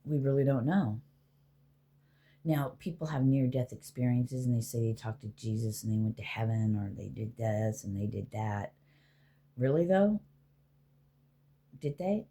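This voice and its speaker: A woman's voice: very deep voice, lively intonation, moderate pace, dark tone. A middle-aged woman, a spiritual healer, rambling casually and with profanity as she talks to spirits aloud.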